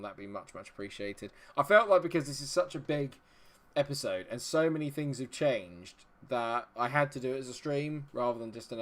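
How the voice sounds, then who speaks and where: Chatty male streamer, mid-pitched, talks to his live chat while playing. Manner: chatty, greets viewers, mutters while fiddling with settings. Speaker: live-streaming game player.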